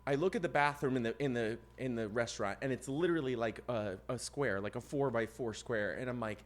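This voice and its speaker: A podcast co-host with a medium-pitched voice talks a little fast as he tells a long personal story in a casual chat. He's animated, acting out and voicing the other people involved, and gets loud when the story hits its climax.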